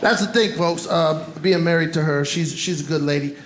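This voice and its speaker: A man's voice: a little high, fairly even intonation, normal speed. A man in his forties performing a stand-up set in a comedy club, with punchy banter and riffs aimed at the crowd. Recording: roomy live club with loud crowd noise.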